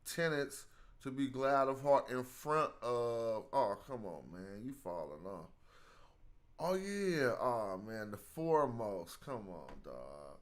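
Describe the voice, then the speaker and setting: A man's voice: medium pitch, big pitch swings, takes it slowly. A man hosting a casual live study stream, thinking aloud in slang as he works through hieroglyphs.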